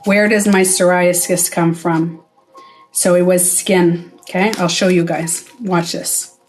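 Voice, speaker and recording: A woman's voice: on the low side, flat delivery, takes it slowly, faint music behind. A middle-aged woman, a former spa owner, talking straight to camera in a casual vlog. She is blunt, swears freely and acts out the voices she quotes.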